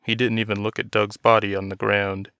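A man reading a novel aloud as narrator, in a steady, measured storytelling manner. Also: fairly low pitch, vocal fry, clean tone, no echo, studio quality.

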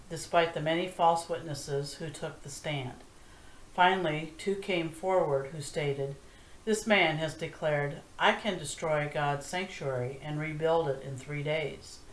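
A woman reads scripture aloud at an even, measured pace. Her voice sits low, and the recording has a roomy echo around it. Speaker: scripture reader. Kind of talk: prerecorded scripture reading. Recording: echoey room.

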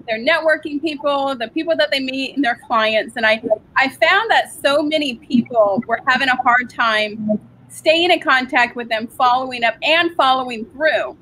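A woman with a high voice speaks in an upbeat, bright tone as an interview guest. She explains her business in casual talk, often repeating a word as she goes. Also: poor audio.

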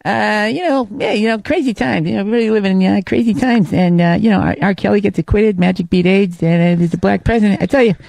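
A man putting on a late-night talk show host voice, delivering monologue jokes slowly. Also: sits high, gravelly, darkish tone, dry recording, voice pushed up. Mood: joke-telling.

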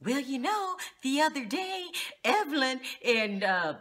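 Timid puppy-loving woman, nervous and halting, bright voice as a vlogger imitates her. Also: sits high, big pitch swings, full character voice. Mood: awkward. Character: timid woman who loves puppies, nervous.

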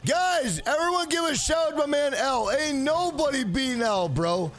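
A man streaming a video game live, swearing freely and loudly hyping up his donors. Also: very high voice, big pitch swings, a little slow, soft background music. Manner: profane, hyped, shouts out donors. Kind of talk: live gameplay stream chat.

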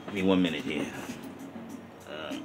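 A man's voice: a bass voice, moderate pace, loud music behind the voice. A man casually chatting through a toy review vlog, rambling and heartfelt. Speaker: toy collector vlogger.

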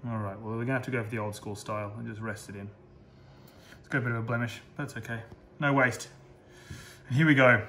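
Chatty chef in roomy kitchen. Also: male voice, mid-range voice, steady tone, fast, long pauses, fairly bright tone. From Australia. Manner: chatty, self-deprecating, laughs at own slips. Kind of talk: live cooking demonstration. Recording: roomy echo, faint noise.

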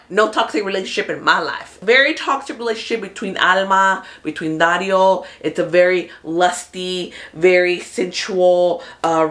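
A woman hosting a casual TV recap, talking in an animated, chatty way, swearing freely and acting out what the characters say. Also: fairly low pitch. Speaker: host of a TV recap channel. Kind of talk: casual spoilery show recap.

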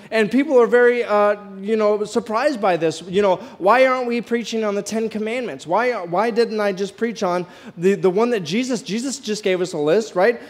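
Male pastor, high voice, chatty sermon style with many restarts, questions for the congregation. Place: church sanctuary, walking the aisle.

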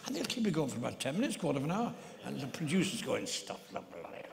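Gravelly old comedian telling stories. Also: male voice, on the high side, sing-song, racing, noisy background. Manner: rambling, frequent stammered restarts, laughing. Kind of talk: comic storytelling on stage. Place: theatre stage. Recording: long hall reverb.

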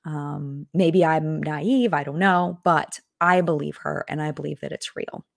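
A young adult woman chats casually on a live stream, rambling and restarting her sentences as she reacts to viewer comments. Her voice sits low for a woman. The sound is close and dry, with no room around it. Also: measured pace, gravelly, no room sound. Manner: chatty, rambling, lots of fillers and restarts. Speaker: host of a live chat stream.

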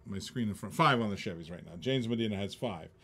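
A man's voice: lowish voice, animated, fast, a bit bright, husky. A man hosting a live online auction, chatty and laughing often, calling bids like a boxing match. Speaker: live stream auction host.

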